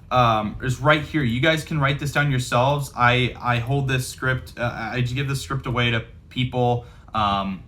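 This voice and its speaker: A man's voice: medium pitch, pushed and bright. A man and real estate investor coaching viewers in a casual, chatty way, with lots of fillers. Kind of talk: casual instructional talk to camera.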